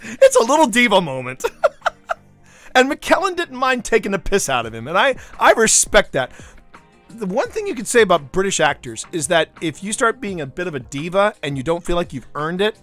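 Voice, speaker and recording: A man streaming from home in casual chat, telling stories with lively voiced impressions. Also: sits high, normal speed, faint music behind. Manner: animated storytelling with voiced impressions.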